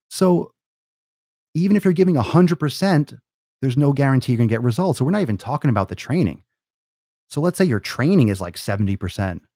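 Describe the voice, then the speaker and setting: A man's voice: mid-range voice, warm tone, no room sound, studio quality. A man ranting in a blunt, profane way, sometimes mocking whiny excuses in a silly voice. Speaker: fitness vlogger. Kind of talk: profane motivational rant.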